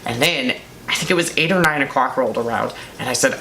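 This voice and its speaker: A young man co-hosting a casual chat and telling a self-mocking story with animated energy. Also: mid-range voice, fast. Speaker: co-host. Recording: echoey room, faint noise.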